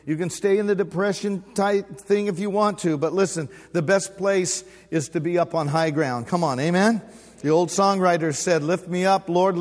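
A man's voice: on the high side, long reverb tail. A man in his sixties preaching a sermon, folksy and humorous, with call-and-response. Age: 60s. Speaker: pastor. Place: church sanctuary.

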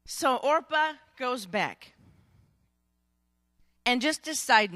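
A woman pastor preaching a sermon in a conversational, joking manner, acting out stories with lively emphasis and frequent restarts. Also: high voice, extremely slow, long pauses, no room sound, studio quality. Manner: animated storytelling, acting out quotes with rising volume; frequent word repetitions and restarts.

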